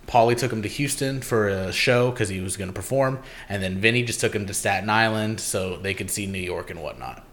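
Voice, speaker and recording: Young man, low voice, podcast host, rambling, casual, swears a lot. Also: fairly quick, few pauses, fairly bright tone, slight background noise. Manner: loose and rambling, swears often. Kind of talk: casual chat.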